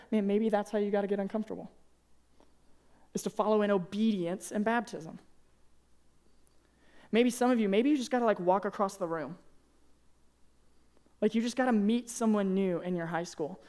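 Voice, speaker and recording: A young man preaching a casual, earnest sermon to high school students, peppering his talk with "man" and "like". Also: darkish tone, clear, resonant tone. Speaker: youth pastor. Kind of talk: youth sermon.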